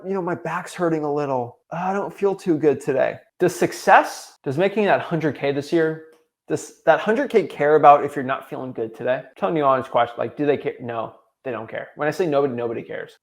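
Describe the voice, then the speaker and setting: A man's voice: a little high, vocal fry. A young man coaching real estate wholesalers, delivering an emphatic, repetitive motivational talk.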